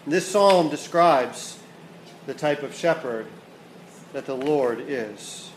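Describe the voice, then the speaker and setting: A man's voice: on the high side, animated, takes it slowly, slight background noise. Man preaching in an echoey hall. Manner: earnest, repeats words as he builds, rises for questions and sinks for prayer. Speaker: pastor. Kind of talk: sermon. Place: church hall. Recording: echoey hall, faint ambience.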